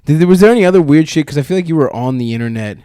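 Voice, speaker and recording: A man's voice: a little high, lively intonation, racing, dark tone, clear, resonant tone, dry recording, studio quality. Rambling, crude male podcast storyteller. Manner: rambling, crude, with many restarts and laughs. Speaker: podcast co-host. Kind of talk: casual storytelling chat.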